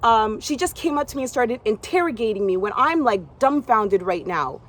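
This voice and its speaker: A young woman from Canada telling a personal story from her gymnastics past, acting out other people's lines in a higher voice. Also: lively intonation, moderate pace.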